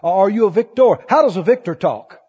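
A man preaching a sermon in a very high, husky voice that rises and falls with lively energy. He quizzes the congregation and acts out the voices of doubters. The recording sounds dull and carries a long hall echo. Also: a little fast. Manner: preaching with call-and-response questions. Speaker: pastor.

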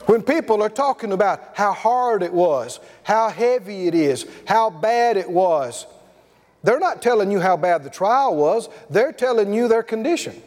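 A middle-aged man preaching a sermon, telling stories in an animated way with chuckles. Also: high-pitched, normal speed, long reverb tail.

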